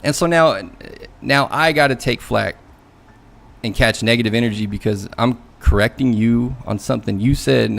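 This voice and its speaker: A man at normal speed, his mid-range voice gravelly and a bit bright, grumbles about a job interview gone wrong. He's a coding learnalong streamer, and the rant is casual and loose, with swearing and mocking impressions of what people said.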